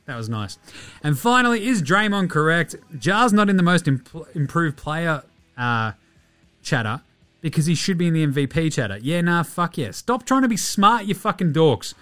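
A man's voice: on the high side, very animated, normal speed, a bit bright, faint music behind. A man with an Australian accent hosting a basketball podcast, talking casually with blunt, profane rants. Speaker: podcast host. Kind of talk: casual sports talk.

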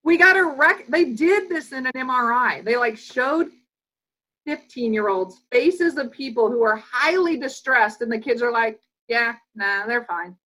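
Woman guest expert, lively explainer with a bright, slightly high voice. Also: poor audio. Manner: animated, fast-flowing explanations that act out quoted voices. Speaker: guest psychologist and educator. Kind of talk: podcast interview.

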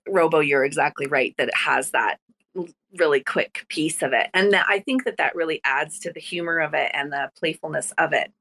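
A woman's voice: deep voice, bright, forceful tone. A woman hosting a podcast on writing, encouraging and bubbly as she talks with her guests. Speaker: podcast host. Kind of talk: casual podcast chat about writing.

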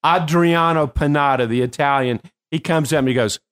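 An older man hosting a show as a coach, telling stories in a casual, animated way with bursts of laughter. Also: on the high side, moderate pace, clear, resonant tone. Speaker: host and performance coach. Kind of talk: casual storytelling.

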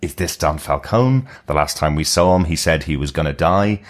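A man's voice: very deep voice, animated, normal speed. A man co-hosting a podcast, chatting casually and musing over theories. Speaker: podcast co-host.

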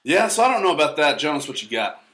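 Man, thirties, podcast co-host, lively swooping pitch, bright forceful tone, crude jokey banter. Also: quick pace. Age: 30s. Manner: animated, crude and joking. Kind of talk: casual podcast chat.

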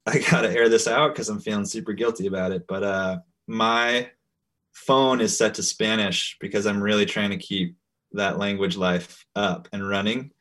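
A man's voice: lowish voice, steady tone, normal speed, fairly bright tone. A man co-hosting a podcast, telling stories in an easygoing, self-deprecating way. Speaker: podcast co-host. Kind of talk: casual chat.

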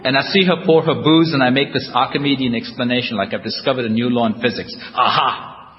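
A man giving a humorous personal recovery talk to a live audience, telling his story with wry, self-deprecating storytelling. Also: medium pitch. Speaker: guest speaker at a recovery convention. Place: large hall before a live audience. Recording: dull lo-fi hall recording with noise.

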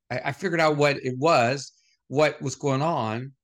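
A man's voice: fairly high pitch, normal speed, a bit bright. A man speaking as a motivational speaker, telling stories as a podcast guest and firing off short rhetorical questions. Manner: punchy rhetorical questions, anecdotal.

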